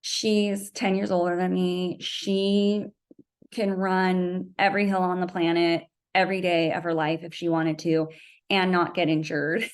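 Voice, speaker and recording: A woman's voice: level tone, measured pace, smooth. A woman vlogging casually about her running, chatty and storytelling, acting out conversations. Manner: chatty storytelling, acts out conversations with raised pitch. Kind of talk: casual vlog chat.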